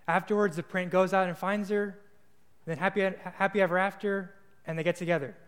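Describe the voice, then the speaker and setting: A young man gives a sermon in a loose, earnest storytelling manner, now and then restarting a word. His voice sits high for a man. The sound rings with the long reverb of a large hall. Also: steady tone, fairly quick, a bit bright, smooth. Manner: casual, earnest, with small restarts. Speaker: preacher.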